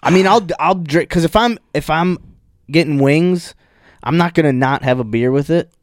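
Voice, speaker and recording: A man's voice: fairly high pitch, normal speed, dry recording, clean studio sound. Easygoing young man co-hosting a podcast. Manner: easygoing, agreeable, tells little anecdotes. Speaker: podcast co-host. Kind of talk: casual chat.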